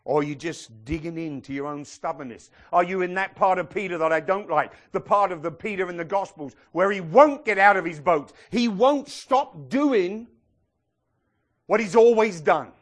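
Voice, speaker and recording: A middle-aged male pastor preaching a sermon in a lively way, acting out Bible figures as he tells their stories. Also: high-pitched, moderate pace.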